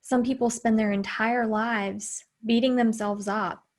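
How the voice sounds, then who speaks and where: A woman's voice: on the high side, steady tone, measured pace. A woman hosting a podcast, speaking candidly and reflectively in a casual conversation. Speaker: podcast host.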